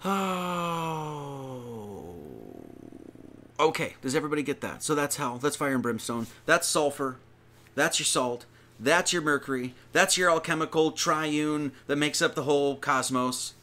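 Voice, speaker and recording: A man leads a loose, chatty sermon, reading scripture and then riffing on it. His voice sits a little higher than most men's. He drags out key words for emphasis. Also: steady tone, pushed and bright. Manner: conversational, rambling, emphatic with drawn-out phrases. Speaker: preacher.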